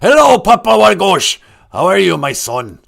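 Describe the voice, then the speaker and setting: Booming, pirate-flavored Great Spirit elder, as a man puts him on, fatherly and lofty, swinging widely in pitch. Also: very animated, normal speed, vocal fry, heavily acted. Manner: loud, piratey, calls listener "my son".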